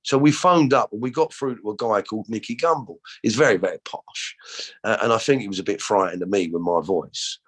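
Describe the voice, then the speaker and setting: Middle-aged man, low-pitched, earnest personal testimony that rambles and restarts. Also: fast talker, hardly any pauses, fairly bright tone. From London. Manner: rambling and earnest, many restarts and repeated words. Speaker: show host telling his life story.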